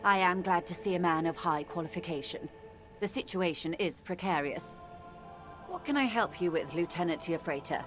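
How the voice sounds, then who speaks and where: A woman's voice: on the low side, lively intonation, normal speed, music in the background, close to an everyday voice. An actress voicing a composed, formal woman in a video game, speaking politely.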